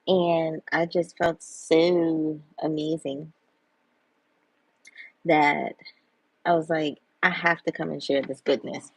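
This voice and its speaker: A woman's voice: low-pitched, gravelly, slightly rough, no echo, poor audio. A woman chatting on a live stream in a playful, sing-song way, full of giggles and repeated catchphrases. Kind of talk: casual live stream chat.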